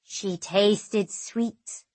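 A woman narrator voicing an ancient, cruel male djinn in an audiobook, speaking slowly and low with gloating menace. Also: fairly even intonation, a little mellow, husky, dry recording.

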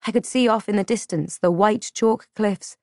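A woman reading a first-person historical novel in a measured, dramatic way. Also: mid-range voice, a little mellow, no echo, clean studio sound. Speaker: audiobook narrator. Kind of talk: scripted first-person narration.

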